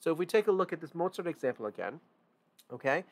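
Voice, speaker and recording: A man's voice: on the high side, big pitch swings, fast. A man teaching a music theory lesson in a loose, informal way. He repeats and stresses key points and often restarts his sentences. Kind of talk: casual online lesson.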